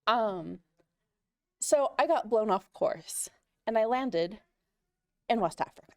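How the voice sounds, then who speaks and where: A woman's voice: on the high side, expressive, slow pace, darkish tone, dry recording. A woman player improvising a tall tale in character at a live game panel, playful and rambling with fillers.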